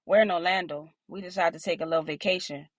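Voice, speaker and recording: A hot-headed young man talks in cocky, taunting street slang, as a woman reads him in an audiobook. The voice stays husky and close. The sound is dry. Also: fairly low pitch, fairly even intonation, fast, no room sound, lightly acted. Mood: casual.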